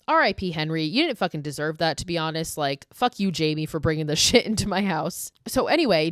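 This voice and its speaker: Casting: woman podcast host, sarcastic and foul-mouthed, lowish voice, dry close sound. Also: dry recording. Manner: profane, sarcastic, storytelling. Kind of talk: casual horror film recap.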